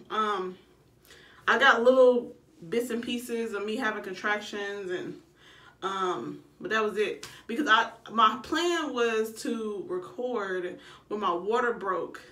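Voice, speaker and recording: A woman's voice: medium pitch, fairly bright tone. A young woman, telling her labor story to camera in a blunt, casual way and swearing freely. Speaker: vlogger. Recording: echoey room, a bit far from the mic.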